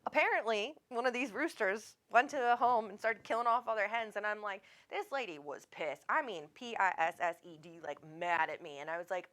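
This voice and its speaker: A woman's voice: mid-range voice, animated, fairly quick, a bit bright. A woman, hosting a live stream as a psychic medium, chatting casually, reading viewer comments aloud, laughing often and swearing freely.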